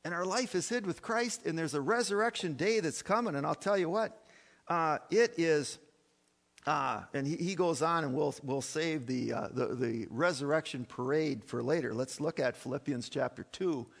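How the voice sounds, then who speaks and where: A man's voice: fairly high pitch, normal speed, gravelly, a bit bright, in a large hall. A man preaching a sermon in an emphatic style, full of fillers and restarts, in a church. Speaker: pastor.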